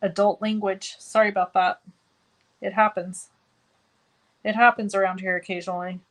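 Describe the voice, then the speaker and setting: With a slightly bright, mid-range voice that barely shifts in pitch, a crafting stream host talks at a moderate pace through her live cardmaking tutorial. The recording is low quality. She chats as she crafts and answers viewer comments by name, putting herself down good-naturedly.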